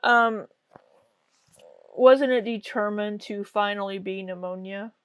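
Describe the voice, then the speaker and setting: A woman's voice: mid-range voice, takes it slowly, clean tone, no room sound. A woman hosting a reaction commentary with a sarcastic, mocking way of talking. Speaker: commentary host.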